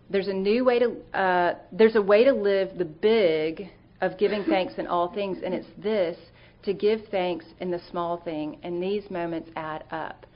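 A woman's voice: on the low side, a little slow, muffled recording. Earnest woman giving a conversational talk. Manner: earnest, storytelling, with fillers and restarts.

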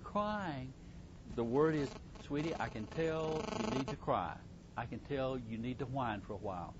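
A middle-aged man gives parenting advice to a live group in a folksy, casual manner, repeating himself as he talks. His voice sits in the mid range, and the recording is muffled with a little background noise.

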